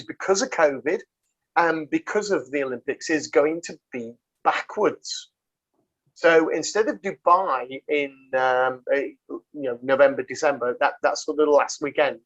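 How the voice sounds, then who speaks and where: A man hosting a casual rugby podcast, swearing freely and bantering with many fillers. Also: medium pitch. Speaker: podcast host. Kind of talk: casual chat. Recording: dull lo-fi sound.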